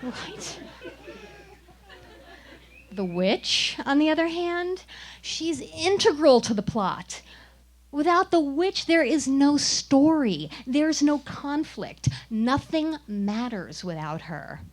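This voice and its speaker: A woman storyteller performs a personal tale at a small live venue, wry and comic with flashes of mock indignation. Her voice sits a little high for a woman. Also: sing-song, takes it slowly.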